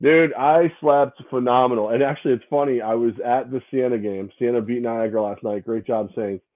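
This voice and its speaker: A man's voice: medium pitch, steady tone, brisk. A man co-hosting a casual sports podcast, rambling and repeating his words in a self-mocking way. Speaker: co-host. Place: home, separate location due to snow. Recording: tinny phone-like line.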